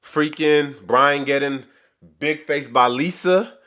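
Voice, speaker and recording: A man's voice: on the high side, slow pace, bright, forceful tone. A man hosting his own channel, giving a casual, rambling review of a reality show full of slang. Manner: rambling, chatty retelling with slang.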